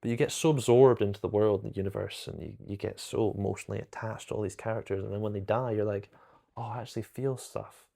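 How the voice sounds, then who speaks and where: Man, low gravelly voice, casual rambling chat, enthusiastic, self-correcting. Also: fairly even intonation, quick pace, few pauses, dark tone. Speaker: film reviewer.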